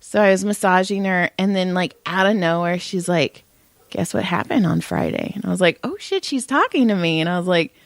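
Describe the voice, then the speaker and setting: This thirty-something podcast co-host has a fairly low voice with vocal fry and talks a little fast, laughing frequently and staying animated while telling stories in casual chat. The sound is dry and clean, studio-grade.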